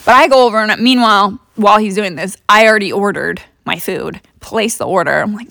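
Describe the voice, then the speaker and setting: A woman's voice: medium pitch, expressive, a little fast, gravelly, a bit bright, no room sound. A young woman hosting a podcast, telling stories in a chatty, profane way with lots of fillers. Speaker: podcast host. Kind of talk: casual storytelling.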